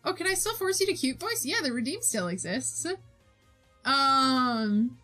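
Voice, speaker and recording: A woman's voice: high-pitched, animated, unhurried, pushed and bright, faint music behind. Bubbly, giggly woman chatting with viewers. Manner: giggly, reads chat aloud, bubbly. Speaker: streamer. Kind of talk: casual chat while drawing.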